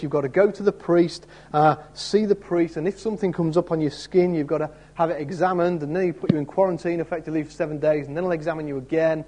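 A man's voice: on the high side, dark tone. A man preaching an expository sermon in a conversational way, often turning statements into questions for his listeners. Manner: conversational, asks listeners rhetorical tag questions; acts out quoted voices in the story.

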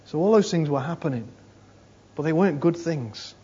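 Warm, husky and expressive, this man's voice sits on the high side as he preaches at a moderate pace. The sermon is conversational, full of repeated phrases for emphasis and frequent "you know"s. The recording sounds dull and lo-fi.

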